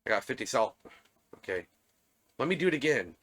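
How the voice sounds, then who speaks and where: A man giving casual, animated let's-play commentary, talking to viewers as he plays. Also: medium pitch, a little fast. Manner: animated, excitable, talks to viewers. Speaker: gaming video creator.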